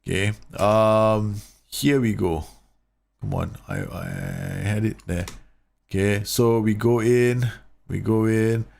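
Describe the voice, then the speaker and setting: A man's voice: on the low side, fairly even intonation, slow pace, creaky, a little mellow. A man giving casual, chatty commentary on football management game tactics, talking straight to his viewers and laughing at his own slips. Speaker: gaming YouTuber reviewing tactics.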